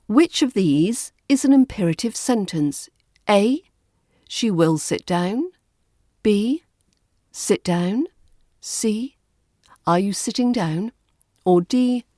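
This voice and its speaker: A woman with a British RP accent hosting an accent-training podcast, calmly narrating a scripted lesson and voicing example phrases with clear intonation. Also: on the low side, no echo, clean studio sound.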